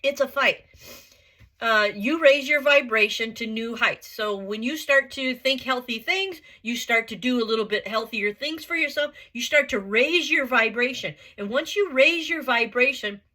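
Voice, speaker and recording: Woman vlogger, higher voice, blunt motivational talk, hammers points home. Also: normal speed, sharp tone. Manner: blunt, emphatic, repeats herself; earnest, swears casually. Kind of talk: motivational vlog monologue.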